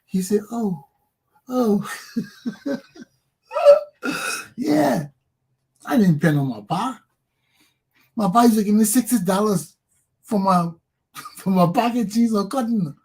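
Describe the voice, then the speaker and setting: A man with a Liberian English accent hosting a talk show, telling profane personal stories with animated, laughing delivery. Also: sits high, measured pace, long pauses, a little hiss or hum. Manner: animated, profane, laughs often, acts out quotes loudly. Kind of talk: casual storytelling monologue.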